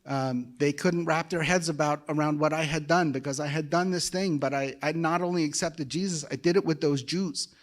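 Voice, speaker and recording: Emotional guy preaching his testimony, kinda high voice, chatty. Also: steady tone, normal speed, few pauses. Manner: emotional, conversational storytelling. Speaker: guest preacher. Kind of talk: personal testimony sermon.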